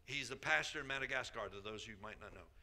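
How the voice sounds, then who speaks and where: Sharp-voiced preaching bishop. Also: male voice, medium pitch, fast talker, vocal fry. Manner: emphatic, repeats key phrases, calls out to the congregation. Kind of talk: sermon.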